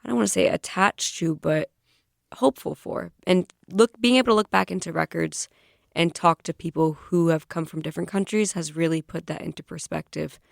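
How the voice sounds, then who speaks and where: Casting: young historian, heavy vocal fry, dry close sound, earnest. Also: medium pitch, fairly quick, dry recording. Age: young adult. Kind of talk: radio talk show discussion.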